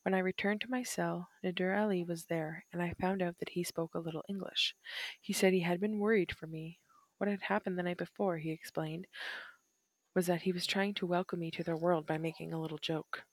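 A woman narrating a first-person memoir in a measured, reflective reading style. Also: on the low side, steady tone, no echo.

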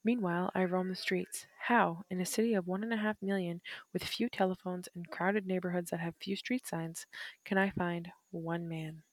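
A woman narrating a first-person memoir in a measured, reflective reading style. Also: fairly low pitch, steady tone, no room sound.

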